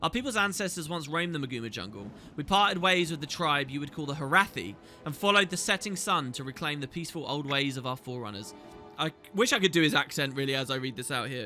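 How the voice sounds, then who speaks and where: Over faint game music, a man with a fairly high, pushed and bright voice gives casual gameplay commentary. He hosts the gaming video, talking as he plays and voicing the quest dialogue out loud.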